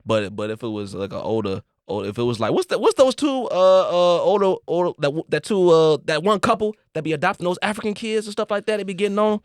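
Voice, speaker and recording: A young man talks fast on a podcast mic, his pitch jumping all over as he tells a story. His banter is crude and full of slang. The sound is close and dry, with no room in it. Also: animated, no room sound. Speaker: podcast co-host. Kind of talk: casual banter. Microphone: studio podcast mic.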